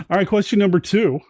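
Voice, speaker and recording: A man's voice: high-pitched, darkish tone, no room sound. A man hosting a podcast, asking his guest quiz questions in casual chat and laughing often. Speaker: podcast host.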